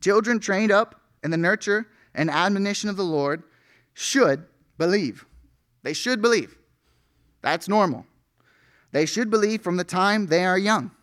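A man's voice: high-pitched, normal speed, a bit bright, smooth. A male pastor preaching an earnest sermon, reading scripture aloud with rising emphasis.

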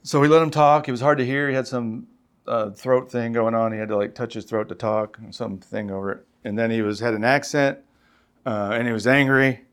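A man preaching in a conversational, storytelling way, rising in pitch when he reads scripture. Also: steady tone, brisk, clean tone. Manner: conversational, tells stories, rises when reading scripture. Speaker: pastor. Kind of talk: sermon.

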